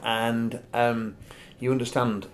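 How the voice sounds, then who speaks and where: A man's voice: medium pitch, level tone, slow, slight background noise. A man hosting a conversational interview, often restarting and repeating words as he frames his questions. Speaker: podcast host.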